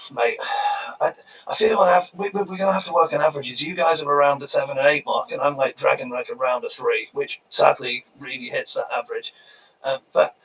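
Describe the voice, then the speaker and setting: A man's voice: a little high, steady tone, a little fast, a bit bright. A man chatting casually on a game stream, rambling and self-deprecating. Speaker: player and streamer. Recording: distant mic with faint background noise.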